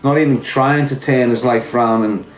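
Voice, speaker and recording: A man's voice: medium pitch, fairly even intonation, normal speed. A middle-aged man with a Liverpool accent, talking as a podcast host in a blunt, sweary, lecturing monologue. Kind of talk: unscripted monologue to camera. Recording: roomy echo with faint music.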